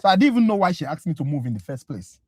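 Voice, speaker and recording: The medium-pitched voice is sing-song and husky, a little mellow, and it races along. It belongs to a tutor in a casual livestream review class who launches into an exasperated, chatty rant aimed straight at the viewers, calling them "guys," before moving on to teach.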